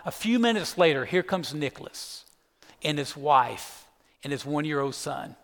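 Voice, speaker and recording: Middle-aged pastor with a slightly high voice. He preaches emphatically in an echoey church hall. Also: lively intonation, normal speed, a bit bright. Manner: emphatic storyteller, keeps saying "listen". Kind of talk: sermon with a personal story. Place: church sanctuary.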